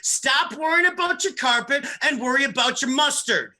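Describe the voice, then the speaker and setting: A man's voice: very high-pitched, moderate pace, bright, forceful tone, heavily acted. A man playing a blunt, pushy man obsessed with mustard who scolds people. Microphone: video call.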